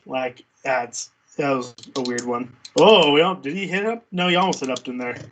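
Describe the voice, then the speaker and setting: A man's voice: medium pitch, normal speed, a bit bright, a little hiss or hum, poor audio. A man co-hosting a casual baseball watch-party stream, laid-back, laughing easily and trailing off. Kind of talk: casual chat.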